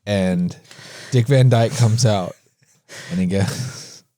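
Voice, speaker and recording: Slow, mellow-voiced male co-host. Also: fairly low pitch, no room sound, studio quality. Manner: goofy, plays with his voice, sings bits. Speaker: podcast co-host. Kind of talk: casual chat.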